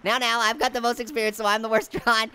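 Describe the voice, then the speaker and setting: Playing the game as a cheeky, hyper male orange, the performer uses a medium, level, sharp voice near his natural one, talking fast. The character giggles, makes puns and never stops chattering in this playful cartoon-style let's-play.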